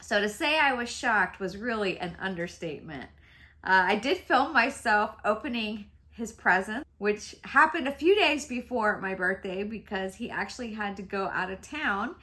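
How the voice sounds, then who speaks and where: A chatty, excitable woman in her fifties, vlogging casually to camera about beauty at home and laughing often. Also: mid-range voice, normal speed. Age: 50s.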